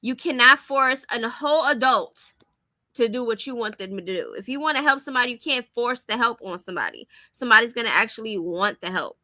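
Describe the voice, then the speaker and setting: A young woman with a high, very bright voice, talking casually and bluntly to her audience. She is close on the mic in a dry room with no echo. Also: animated, brisk. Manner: blunt, opinionated, speaks directly to viewers. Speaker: commentary streamer. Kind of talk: casual commentary on celebrity gossip.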